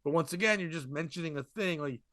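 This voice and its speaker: Man, comedian, rambling casual storytelling, bright tense tone, fairly high voice, dry close sound. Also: no echo. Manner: rambling, animated, quick asides and laughs. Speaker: podcast co-host, comedian.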